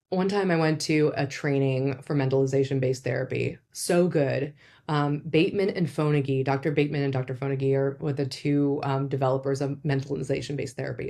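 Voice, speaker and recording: A woman with a notably low speaking voice talks through advice like a relaxed psychologist. Her delivery is casual and chatty, with frequent fillers and little asides. She slips into quoted speech with sudden jumps in pitch. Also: creaky. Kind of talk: casual educational talk.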